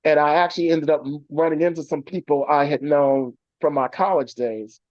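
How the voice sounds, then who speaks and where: A man's voice: on the high side, steady tone, moderate pace, no room sound. A man, a journalist and activist, telling long anecdotes with many fillers in a remote radio interview over a video call. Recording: dull lo-fi call audio.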